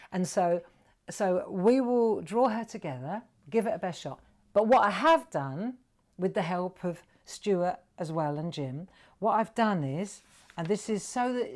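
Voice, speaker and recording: A middle-aged woman with a British accent hosting a live drawing tutorial, chatty and coaxing her viewers along. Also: fairly low pitch. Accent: British English. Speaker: craft presenter.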